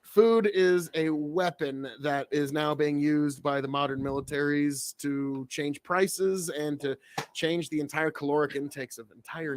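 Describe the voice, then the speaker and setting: A man's voice: fairly high pitch, no echo. Earnest man lecturing, dry close sound. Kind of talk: casual live-stream commentary.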